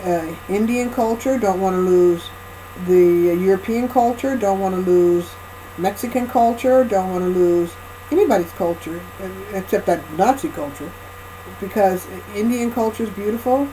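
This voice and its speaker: A woman with a voice of ordinary pitch delivers a loose, rambling spiritual lecture. She stresses her points hard, restarts sentences and repeats phrases, and keeps checking in with her listeners. A faint hum sits under her voice. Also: moderate pace, mellow, rough recording. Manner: emphatic, repeats phrases and restarts often, checks in with "right?" and "okay?". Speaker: spiritual speaker.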